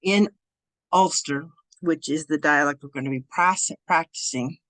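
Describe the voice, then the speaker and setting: A woman teaching an online beginners' language lesson over Zoom while sharing her screen, speaking in a loose, halting way with frequent restarts. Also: low voice, a bit bright, no echo. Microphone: computer mic over Zoom.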